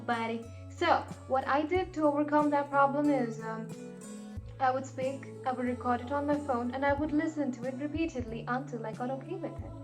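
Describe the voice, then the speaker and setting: High-voiced woman giving chatty advice. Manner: chatty and encouraging, with lots of fillers and asides. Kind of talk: casual advice chat to camera.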